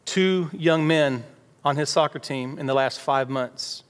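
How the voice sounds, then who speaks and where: In a church sanctuary, a man speaks as pastor in a conversational sermon, acting out everyday exchanges in quoted voices. His voice sits on the high side, clear and resonant, at a measured pace. Long hall reverb fills the recording, with faint music in the background.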